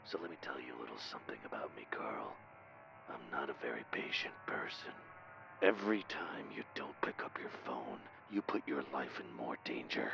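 A gravelly whispering stalker. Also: male voice, very deep voice, animated, highs cut off, music in the background, heavily acted. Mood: menacing. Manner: slow, threatening. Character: menacing male stalker caller, cold and patient.

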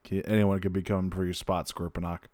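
Low-ish guy, smooth clear voice, swears a lot, laid back podcast chat, dry close mic. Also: little pitch movement, fast talker, darkish tone, dry recording. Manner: swears freely, laughs often. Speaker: podcast co-host. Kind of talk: casual recap chat.

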